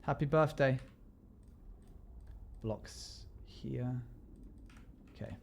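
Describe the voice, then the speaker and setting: A man streaming a game live, chatting casually and jokily with sudden loud playful yells. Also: mid-range voice, extremely slow, creaky, a little hiss or hum. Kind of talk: casual live-stream chat while gaming.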